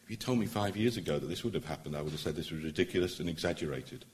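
A middle-aged man, a barrister, giving an earnest, persuasive public speech at a meeting, pausing for emphasis. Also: low-pitched, expressive, a little mellow, slight background noise.

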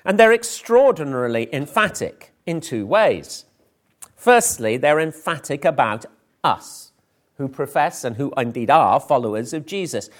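A man's voice: medium pitch, very animated, unhurried. A middle-aged or older man preaching a sermon, emphatic and full of rhetorical questions.

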